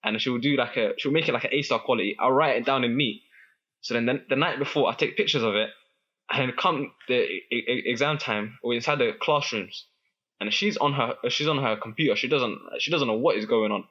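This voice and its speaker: A man's voice: mid-range voice, a little fast, dull audio. Young man telling a story. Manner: animated, laughing, many restarts. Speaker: guest. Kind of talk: casual storytelling chat.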